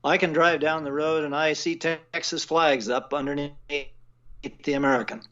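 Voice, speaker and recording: Man, interview guest, fairly high voice, measured and halting, muffled lo-fi sound. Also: steady tone, fairly bright tone. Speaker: guest writer. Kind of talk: casual phone interview.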